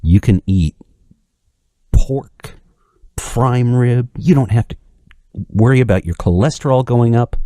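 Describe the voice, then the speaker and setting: A man voicing a smug male Satan who pitches the pleasures of hell in a breezy salesman way while telling a joke. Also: slow pace, long pauses, dark tone, dry recording, studio quality, lightly acted. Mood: smug pitching.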